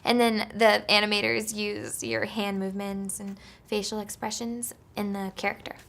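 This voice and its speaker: Woman with vocal fry, chatty. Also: medium pitch, moderate pace, fairly bright tone, slight background noise. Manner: chatty, full of fillers like "like" and "um". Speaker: actress interviewed about voice work. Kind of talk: casual interview chat.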